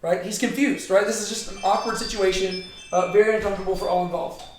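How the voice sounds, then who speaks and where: A man's voice: high-pitched, fairly even intonation, fast talker, slight background noise. A man teaching a casual Bible study, thinking aloud and often checking in with "right?". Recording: very echoey room.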